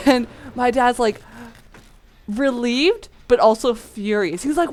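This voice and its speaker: Woman gaming host, higher-pitched, rambling casual storyteller full of "like" and "um". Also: takes it slowly. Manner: chatty and rambling, fillers like "like" and "um".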